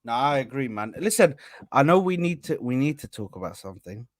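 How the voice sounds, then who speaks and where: A man hosting a live football reaction panel, animated and talking over the others with lots of "bro". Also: mid-range voice, brisk, no echo. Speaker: host of an Arsenal reaction stream. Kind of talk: casual live panel chat.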